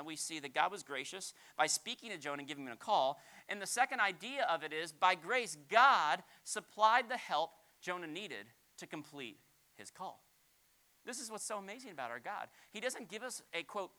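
A male pastor preaching a sermon, animated, swinging from loud exclamations to quiet asides. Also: on the high side.

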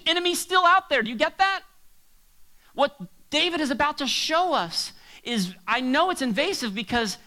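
A male pastor preaching a sermon to a congregation, swinging between hushed asides and near shouts. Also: high voice, low-quality recording. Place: church hall with a congregation.

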